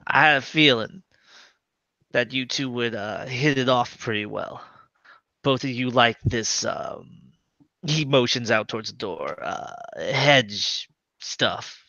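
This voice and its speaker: A tabletop role-play player who talks slowly and hesitantly, with many fillers, in and out of character. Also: mid-range voice, vocal fry, sharp tone, dry recording, muffled recording.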